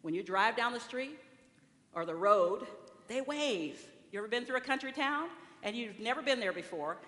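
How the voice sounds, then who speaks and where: A woman's voice: a little high, expressive, normal speed, a bit bright. A woman giving a conversational sermon in a church, asking the congregation questions and acting out what people say. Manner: conversational preaching with rhetorical questions and acted-out quotes. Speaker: speaker at a church service. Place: large church sanctuary. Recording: reverberant hall, faint room noise.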